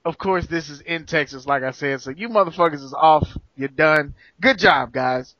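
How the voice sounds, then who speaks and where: A man's voice: a little high, normal speed, pushed and bright, no echo, muffled recording. A man co-hosting a casual podcast, trading joking, profane banter. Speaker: podcast co-host. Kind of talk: casual chat.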